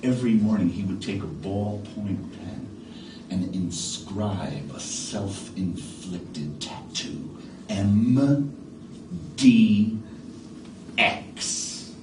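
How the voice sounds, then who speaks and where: Middle-aged male storyteller from New York City, slow and animated; live theater sound from afar, echoey and noisy. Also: sits low. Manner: dramatic, animated, shifts between hushed and loud. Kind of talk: theatrical one-man storytelling. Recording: echoey stage from far off with noise.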